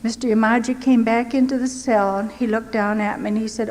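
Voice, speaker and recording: A woman's voice: a little high, steady tone, a little fast, hardly any pauses, darkish tone. An older woman telling her wartime testimony as a missionary, in earnest, dramatic storytelling. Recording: echoey hall with faint noise.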